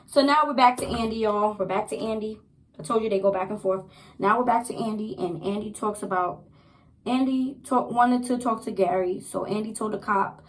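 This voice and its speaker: A young woman casually recapping a TV episode, chatty and animated, repeating herself as she goes. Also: a little high, moderate pace, rough recording. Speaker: TV show reviewer.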